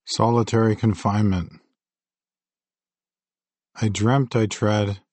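A man narrates his own memoir in a measured, vivid audiobook delivery. His voice sits on the low side. The recording is dry and close, with no room sound. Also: a little mellow, no echo.

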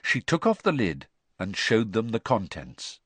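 A man narrating a story in an expressive, scripted reading. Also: fairly low pitch, measured pace, no echo. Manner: expressive reading with lively intonation. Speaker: audiobook narrator.

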